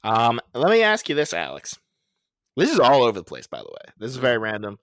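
A young man co-hosting a podcast, talking casually with a lively, bouncing pitch. He tells stories animatedly and swears freely. His voice is close and dry, with no room sound. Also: fairly quick, no room sound. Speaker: podcast co-host.

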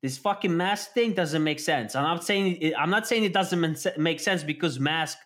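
A man chatting casually on a podcast, animated and swearing constantly as he acts out scenes. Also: fairly high pitch, moderate pace. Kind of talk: casual profane chat.

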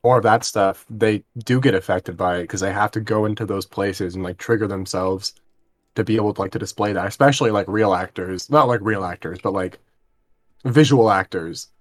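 A podcast co-host with a low voice, loud and chatty. He explains his point in casual talk, padding his sentences with "like", and the sound is dry and close. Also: fairly quick, dry recording. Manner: loud, explaining, hedges with many "like"s.

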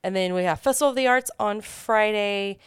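A woman's voice: medium pitch, a little fast, clear, resonant tone, no echo, studio quality. A woman in her thirties co-hosting a podcast, chatting in an upbeat, friendly way. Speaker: podcast co-host. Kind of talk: casual chat.

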